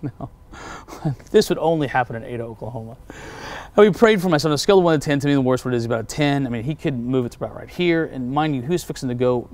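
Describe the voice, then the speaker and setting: A man's voice: mid-range voice, quick pace. A middle-aged man, a pastor, animatedly telling a story as a guest in an interview and acting out what people said. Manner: animated storyteller who acts out quotes.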